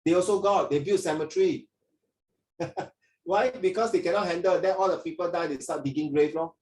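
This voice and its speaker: A man's voice: a little high, normal speed, darkish tone, reverberant, far from the mic, rough recording. A man with a Singaporean English accent tutoring children in an online English lesson, rambling with many fillers and restarts. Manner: rambling, frequent fillers and restarts, mixes in Mandarin.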